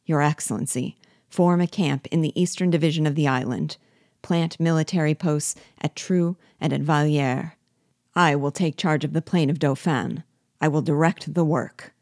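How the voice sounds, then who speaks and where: A woman reading the lines of a forceful veteran male officer, urgent and commanding. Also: sits low, steady tone, moderate pace, no room sound, studio quality.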